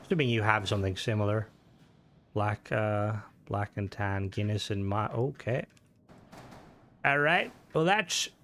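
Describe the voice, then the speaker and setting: A man's voice: mid-range voice, a bit bright. A young Irish man chatting casually on a game stream, rambling, swearing freely and answering chat.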